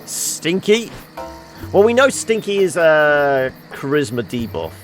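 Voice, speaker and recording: A man's voice: fairly high pitch, very animated, slow pace. Guy streaming a game, muttering thru choices, voice jumps around a lot, faint music behind. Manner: mumbly, thinking aloud over choices. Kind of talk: live let's play commentary.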